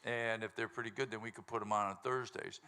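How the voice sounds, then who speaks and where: In a lowish, steady voice that is fast, pushed, bright, and clean, a man serving as show host and band singer jokes around with a live audience. The crowd laughs, and so does he, often, as he rambles through casual stage banter.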